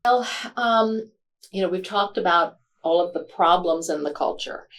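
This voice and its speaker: A woman author as a podcast interview guest, speaking reflectively and halting with frequent fillers. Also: lowish voice.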